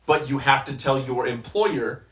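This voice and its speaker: Brief: man, podcast co-host, ranting and cussing, mid pitch, roomy echo. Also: unhurried, fairly bright tone, far from the mic. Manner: ranting, profane, rambling with restarts. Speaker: podcast co-host reacting to a clip. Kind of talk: casual reaction chat.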